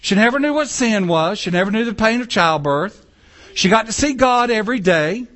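Animated high-voiced male preacher. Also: normal speed. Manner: animated, joking preaching with acted-out quotes. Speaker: pastor. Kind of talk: sermon.

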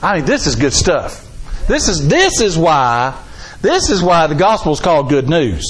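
A middle-aged man, preaching a sermon in a folksy, animated way with rising emphasis. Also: a little high, moderate pace, breathy edge, low-quality recording. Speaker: pastor.

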